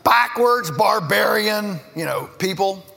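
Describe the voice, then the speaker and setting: A middle-aged farmer from Virginia giving a lively conference speech, an animated storyteller who slips in jokey asides. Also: male voice, high-pitched, slow pace, gravelly, faint music behind. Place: large conference hall. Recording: echoey hall with long reverb.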